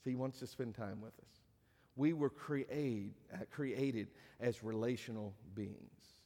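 A man's voice: medium pitch, takes it slowly, mellow, big-room sound. A middle-aged male pastor preaching a conversational sermon to a congregation, with dry joking asides. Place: church sanctuary.

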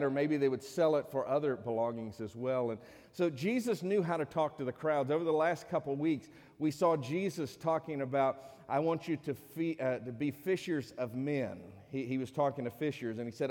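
A man preaching a conversational sermon as a pastor, raising his pitch when he acts out the people he quotes. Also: moderate pace, a little mellow. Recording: long hall reverb.

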